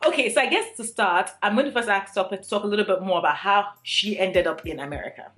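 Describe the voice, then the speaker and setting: A woman's voice: mid-range voice, fast, fairly bright tone. A woman with a Nigerian accent hosting a casual chat with a friend, teasing and laughing often. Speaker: channel host.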